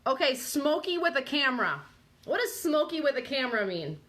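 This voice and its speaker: A woman's voice: high voice, very animated, a little fast, a bit bright. A woman hosting a live quiz show who keeps dissolving into giggles as she quizzes her listeners. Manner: giggly, breaks into helpless laughing fits. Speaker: podcast host.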